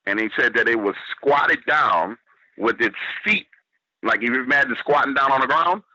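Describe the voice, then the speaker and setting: A man's voice: medium pitch, normal speed, pushed and bright, dry recording, muffled recording. A man from New Orleans with a Southern accent, telling a story on a radio show and quoting what others said to him. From New Orleans, Louisiana, US. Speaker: guest storyteller.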